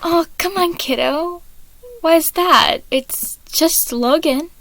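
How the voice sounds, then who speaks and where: A woman voicing a fatherly, caring male character in a storybook reading, high and gentle. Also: fairly quick, dry recording. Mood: fond, worried.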